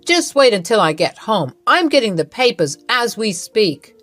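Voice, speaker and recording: A woman's voice: a little high, big pitch swings, normal speed, a bit bright, no room sound, soft background music. A woman voicing a husband who plays at being hurt and angry, firm and cold in a narrated drama story. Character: stern husband faking hurt anger, man.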